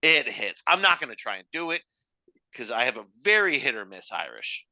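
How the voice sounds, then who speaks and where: A young man co-hosts a casual podcast chat in a very bright, gravelly voice with wide pitch swings, speaking at normal speed. He's animated and jokey and swears freely. The recording is dry and close, with no room sound.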